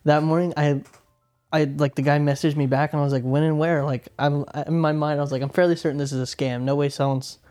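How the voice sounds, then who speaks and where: A man in casual chat, relaxed and teasing, laughing often. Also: fairly high pitch, quick pace, faint music behind.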